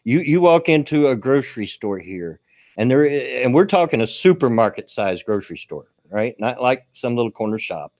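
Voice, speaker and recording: Man, host, casual chat, folksy, repeats words, animated pitch. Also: moderate pace. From American South. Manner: folksy, repetitive, chatty.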